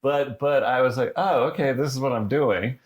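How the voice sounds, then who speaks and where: A man's voice: mid-range voice, normal speed. A man hosting a podcast, chatting candidly and openly, laughing often and swearing casually. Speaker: podcast host. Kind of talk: casual interview chat.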